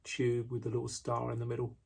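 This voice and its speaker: A man casually showing the knives he makes, talking in a relaxed way with frequent ums and restarts, indoors in his workshop. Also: medium pitch, quick pace, gravelly, breathy edge. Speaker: knife maker. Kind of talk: casual product walkthrough.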